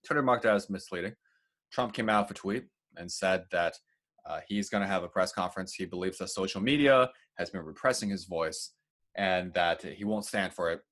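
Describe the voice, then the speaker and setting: Low-voiced man co-hosting a podcast. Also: fairly quick, a bit bright. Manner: talks through news at length, with fillers and asides. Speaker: podcast co-host. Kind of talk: casual chat and news rundown.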